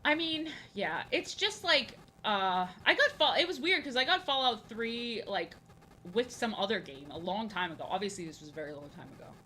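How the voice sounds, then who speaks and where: A young woman streaming as she draws, chatting casually and rambling, often repeating herself and filling pauses with "um" and "like". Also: medium pitch, very animated, bright, forceful tone, a little hiss or hum, rough recording. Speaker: art streamer. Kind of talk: casual chat while drawing on stream.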